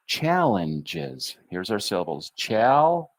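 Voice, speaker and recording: An American man teaching English pronunciation on a livestream, drawing out syllables slowly and thinking aloud as he writes. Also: fairly low pitch, big pitch swings, creaky, no room sound. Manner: slow, drawn-out enunciation of syllables; chatty, thinks aloud while writing. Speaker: English tutor.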